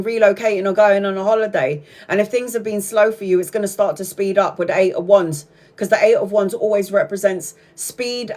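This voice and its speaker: A woman with a medium-pitched voice does a casual tarot reading on a live stream. She's chatty and excitable, swears freely, and calls her viewers sweetheart.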